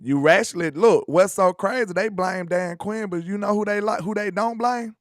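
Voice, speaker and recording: A man's voice: high-pitched, moderate pace, no echo, clean studio sound. A man co-hosting a podcast, talking sports in casual slangy banter and laughing often. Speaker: podcast co-host.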